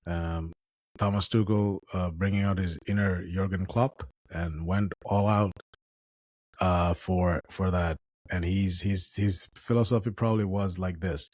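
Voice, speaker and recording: Deep-voiced man in joking football talk. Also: steady tone, a little slow, a little mellow, no echo, clean studio sound. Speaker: podcast co-host. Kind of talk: casual football chat.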